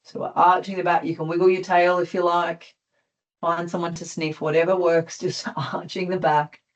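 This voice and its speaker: An instructor with an Australian accent leads a group through simple stretches and breathing, speaking calmly and steadily. The cues are gently instructive, with small touches of humor mixed in. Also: mid-range voice, moderate pace, muffled recording. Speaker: movement instructor. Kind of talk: guided stretching class.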